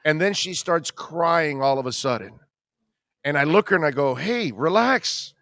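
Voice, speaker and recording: A middle-aged man hosting a radio show, telling a long story in casual chat, rambling and animated with many restarts. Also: fairly high pitch, moderate pace, smooth, no echo, studio quality.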